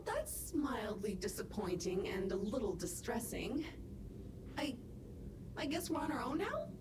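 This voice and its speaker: An actress voicing a cheerful female AI assistant in a video game, speaking in bright, helpful patter. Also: on the high side, noisy background.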